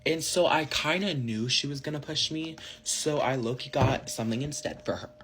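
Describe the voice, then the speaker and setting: A man's voice: mid-range voice, moderate pace, fairly bright tone, slight background noise. A man telling a casual storytime to his followers, slangy and rambling, full of fillers. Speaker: social media storyteller.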